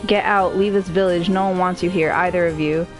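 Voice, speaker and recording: A woman's voice: on the low side, fairly even intonation, a little fast, over music, natural voice. A woman doing a whiny bully boy. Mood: angry whiny.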